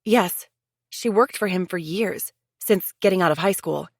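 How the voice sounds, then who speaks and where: A determined widow, firm and reassuring, her voice a touch brighter than the narration, played by the woman narrator. The reading is dry and close to the mic. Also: fairly low pitch, measured pace, dry recording. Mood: explaining. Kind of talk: audiobook character voice.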